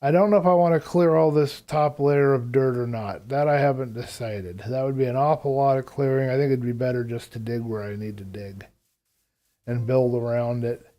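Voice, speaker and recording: Male streamer, mellow tone, casual live gameplay commentary, thinks out loud. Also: mid-range voice, normal speed. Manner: thinks aloud while planning; rambling, casual.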